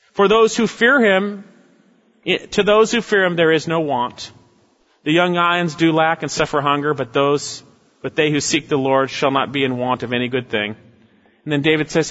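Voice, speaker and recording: A male pastor preaching a sermon with emphasis, swinging between raised exhortation and low, quiet asides. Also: moderate pace. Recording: dull lo-fi sound with long hall reverb.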